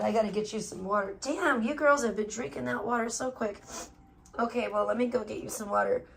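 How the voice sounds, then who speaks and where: A woman's voice: on the high side, fairly quick, gravelly, slight background noise. A middle-aged woman live streamer in casual chat, talking candidly and emotionally to her viewers and swearing freely.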